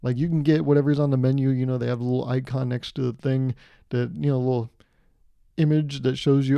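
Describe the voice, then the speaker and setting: A man's voice: medium pitch, steady tone, quick pace, vocal fry, dark tone, no echo, studio quality. A man hosting his podcast, telling a long joking story that builds to a pun. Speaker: podcast host. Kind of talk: comedic storytelling monologue. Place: California.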